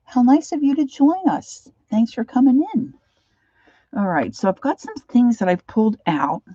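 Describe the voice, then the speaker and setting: A woman casually chatting through a craft livestream from her home craft room, rambling and sometimes dropping into soft whispered asides. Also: fairly high pitch, big pitch swings, normal speed, slightly rough, no room sound, highs cut off.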